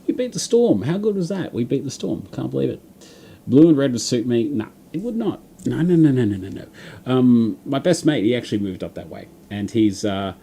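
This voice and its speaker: A man's voice: medium pitch, warm tone, slight background noise. An Australian man hosting a livestream, chatting casually and reading out viewer comments, rambling with lots of fillers and restarts. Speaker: livestream host.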